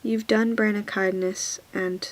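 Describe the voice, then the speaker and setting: A woman voicing a proud but unsure young lord in a soft whispered role-play, stiff and hesitant. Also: medium pitch, flat delivery, a little slow, natural voice, poor audio. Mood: guarded.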